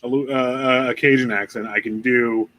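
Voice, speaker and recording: A man's voice: mid-range voice, fairly even intonation, brisk, pushed and bright. A man co-hosting a casual true-crime podcast, rambling and joking with lots of swearing and restarts. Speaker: podcast co-host.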